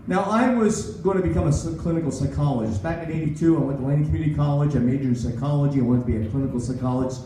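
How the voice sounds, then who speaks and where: A man's voice: fairly high pitch, quick pace, few pauses, dark tone, slight background noise. A man in his sixties doing a rambling, self-mocking stand-up set at a comedy club. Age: 60s. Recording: echoey club recorded from far off.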